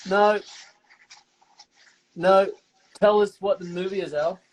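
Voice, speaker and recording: A man's voice: sits high, steady tone, slow, rough recording. A man actor bantering playfully on a live video call, teasing and joking. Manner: teasing, jokey, banters freely. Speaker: actor co-hosting a live stream.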